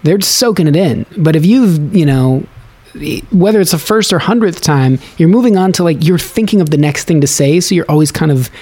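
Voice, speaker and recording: A man's voice: a little high, expressive, brisk, darkish tone. Rambling man comic in casual chat. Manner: rambling, thoughtful, with many restarts. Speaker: stand-up comedian and podcaster.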